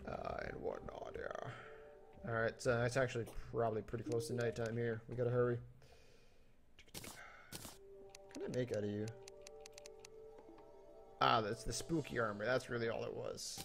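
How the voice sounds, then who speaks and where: A young man giving jokey, animated commentary as he plays a video game, talking to the game and to his viewers, a little tipsy. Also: mid-range voice, normal speed, gravelly, pauses often, music in the background. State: tipsy from drinking. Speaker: gaming YouTuber. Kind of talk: let's play commentary. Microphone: desktop mic without pop filter.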